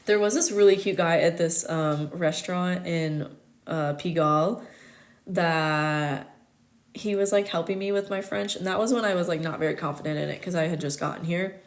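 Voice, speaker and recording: A young woman from the United States chats casually as host of an astrology livestream, giggling and filling her speech with fillers. She talks at an ordinary pace in a fairly low voice.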